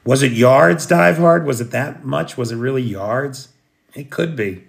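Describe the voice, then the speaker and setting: An American man living in Kyiv hosts a late-night livestream from home, chatting casually and answering viewer comments in a rambling way full of restarts and fillers. His mid-range voice is expressive and unhurried, with vocal fry.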